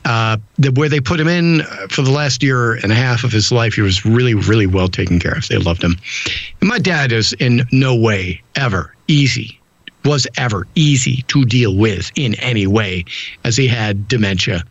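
A man's voice: medium pitch, expressive, normal speed, no echo. A man from upstate New York chatting casually on a podcast, blunt and profane, rambling with restarts. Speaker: podcast host. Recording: dull, dry lo-fi sound.

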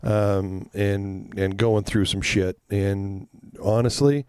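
A man's voice: on the low side, steady tone, takes it slowly, few pauses, a little mellow, clear, resonant tone, dry recording, clean studio sound. A man co-hosting a podcast in casual chat, telling candid stories with the odd swear word. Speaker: podcast co-host.

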